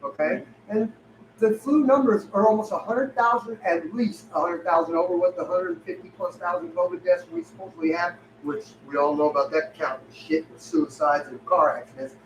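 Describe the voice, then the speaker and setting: This high-voiced man co-hosts a casual talk show at a moderate pace, swearing heavily in profane chat and acting out both sides of his stories. The audio is dull, with an echoey room, faint hiss, and the mic set well away from him.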